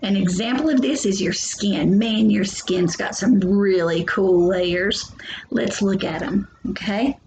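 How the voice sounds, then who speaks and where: Her mid-range voice a little slow and a little mellow, a woman teaches biology in a recorded lecture, talking to her students in a casual, joking manner. There's echo in the room and a faint hum.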